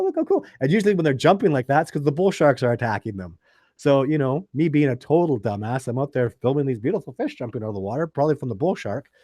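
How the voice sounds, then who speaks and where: A man's voice: mid-range voice, dark tone, dry recording, studio quality. A man hosting a live stream, answering viewers' questions and telling stories in a rambling way, with many restarts and fillers. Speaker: host of a live video chat about Sasquatch research.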